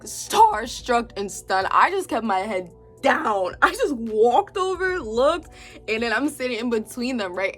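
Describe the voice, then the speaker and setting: A young woman vlogger telling a storytime story in a lively, chatty way, acting out what everyone said and filling her talk with "like". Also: medium pitch. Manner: animated storytelling, acts out quotes, heavy use of 'like'. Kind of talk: storytime vlog.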